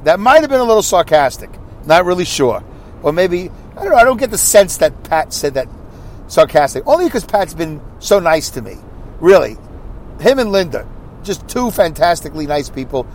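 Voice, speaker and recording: A man hosting his own podcast, reading listener comments aloud in a rambling, animated way with mocking asides. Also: fairly high pitch, normal speed, a little hiss or hum. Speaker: podcast host.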